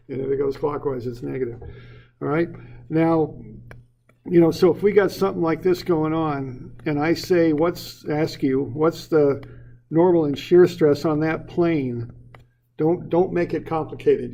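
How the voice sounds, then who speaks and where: A man's voice: a little high, vocal fry, dark tone, slight background noise, poor audio. A man teaching an engineering class in an informal way, often repeating words and putting questions to the students. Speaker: engineering instructor. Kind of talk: classroom lecture.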